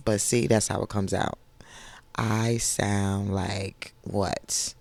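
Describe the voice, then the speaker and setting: A man with a hoarse voice that has not fully recovered, recapping a reality TV episode in a chatty, gushing way with lots of asides. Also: lowish voice, level tone, takes it slowly, darkish tone, a little hiss or hum. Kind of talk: casual TV recap commentary.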